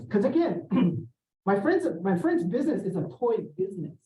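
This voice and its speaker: Man, middle-aged, from Hawaii, seminar storyteller, acts out quotes, clears his throat, soft warm tone, echoey lecture room. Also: sits high, normal speed. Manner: animated, acts out quoted dialogue, often clears throat and adds "right?". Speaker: seminar speaker. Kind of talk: personal storytelling talk. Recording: echoey room, voice far from the mic.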